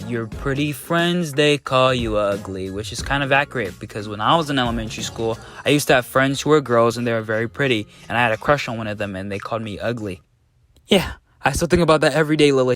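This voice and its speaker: A man's voice: mid-range voice, a bit bright. A man giving casual reaction commentary on songs, earnest and gushing, talking straight to his viewers. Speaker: music reaction vlogger.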